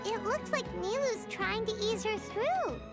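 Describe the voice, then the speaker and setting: Squeaky bubbly girlish companion. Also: expressive, a little slow, heavily acted. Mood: curious. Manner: bubbly, outspoken. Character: small chirpy girlish travel companion. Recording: game audio over loud music.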